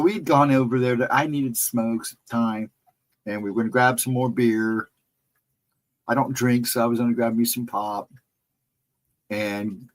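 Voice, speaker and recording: On a casual livestream, a man with a medium-pitched voice chats with viewers, spinning loose, rambling anecdotes and chuckling often. The audio quality is poor.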